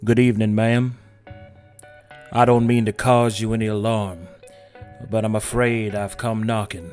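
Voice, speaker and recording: A man voicing a mysterious, courteous stranger in black with a soft, smooth Southern drawl, calm and quietly menacing. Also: lowish voice, a little slow, faint music behind, pitched below the performer's own voice, close to an everyday voice. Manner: courteous but threatening.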